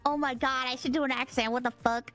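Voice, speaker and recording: High-pitched woman guest, loose and candid, swears casually. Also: fairly even intonation, quick pace, a bit bright, faint music behind. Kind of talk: casual chat.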